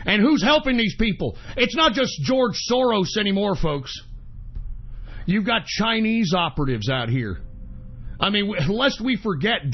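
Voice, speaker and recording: A man hosting a political talk radio show, ranting angrily, swearing and shouting, and calling his listeners folks. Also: very high voice. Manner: angry, profane, shouting tirades. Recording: dull lo-fi internet radio recording.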